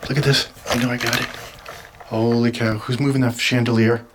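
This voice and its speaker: A man filming alone inside a house for a paranormal video diary, nervously calling out to spirits and often dropping to a hushed whisper. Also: medium pitch, flat delivery, a little fast, noisy background. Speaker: paranormal vlogger. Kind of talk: solo ghost-hunting video diary.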